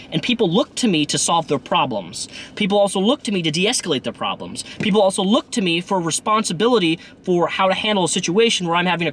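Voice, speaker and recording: A man's voice: a little high, fairly bright tone, slight background noise. A man in his thirties talking casually to camera in a rambling vlog, with many restarts and fillers. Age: 30s. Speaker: YouTuber and bus driver.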